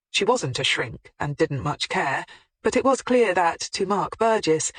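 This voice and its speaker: Measured audiobook narrator, dry close sound. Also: medium pitch, dry recording.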